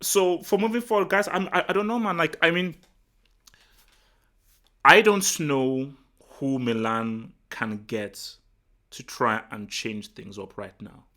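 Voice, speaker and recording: A man from Nigeria hosting a live football talk stream, chatting casually and answering the chat in an excitable, rambling way full of restarts. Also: medium pitch, takes it slowly. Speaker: football talk show host. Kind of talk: casual livestream commentary, reading the chat.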